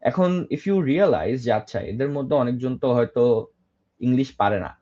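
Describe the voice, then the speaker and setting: A young man with a Bangladeshi accent teaches a workshop on public speaking in a mellow, dark-toned voice. He keeps asking questions and answering them himself, often tagging "right?" onto his points. The recording sounds dull and lo-fi. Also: medium pitch, expressive, rapid-fire. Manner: mixes in Bengali phrases. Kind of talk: workshop lecture.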